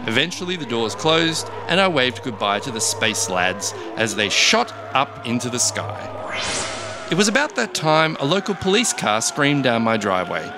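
A man reads a comic first-person story in a dry, deadpan way. His pitch swings lively up and down. Music plays steadily behind him. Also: normal speed. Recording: background music.

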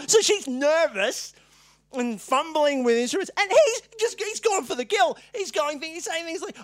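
A podcast co-host telling a story in casual chat, animated, laughing often and swearing freely. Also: high-pitched, moderate pace, no room sound, clean studio sound.

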